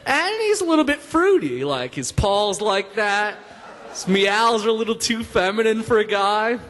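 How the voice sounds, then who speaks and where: Young male stand-up comic, high voice, rambling and filler-heavy, laughs at own jokes, long hall reverb. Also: very animated, normal speed, fairly bright tone. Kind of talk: stand-up comedy set. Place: stage in a hall.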